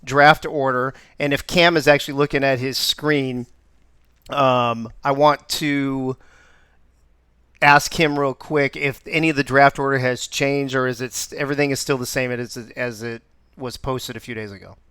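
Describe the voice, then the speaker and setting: A man's voice: medium pitch, fairly even intonation, normal speed, pushed and bright, clean tone, no room sound, clean studio sound. A man hosting a live show in an upbeat, joking way. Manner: upbeat, joking, laughs often. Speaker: host.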